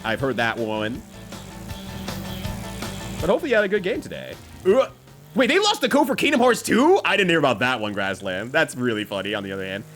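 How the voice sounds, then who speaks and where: A man's voice: mid-range voice, huge pitch swings, fairly quick, a bit bright, soft background music. A young man streaming a racing game, chatting casually with viewers, swearing freely and laughing often.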